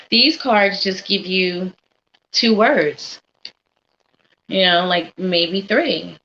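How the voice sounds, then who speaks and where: Bright-voiced upbeat woman psychic host. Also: mid-range voice, very slow, lo-fi sound, a little hiss or hum. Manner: upbeat, encouraging, chatty. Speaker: psychic reader and live-stream host. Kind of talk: casual live-stream chat.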